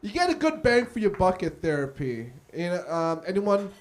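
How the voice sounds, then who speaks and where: A man with a high, light voice performs stand-up live in a small cafe. He tells his stories with animation, slipping into the voices of the people in them. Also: big pitch swings, moderate pace. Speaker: stand-up comedian. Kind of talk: live stand-up comedy set. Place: small cafe comedy stage.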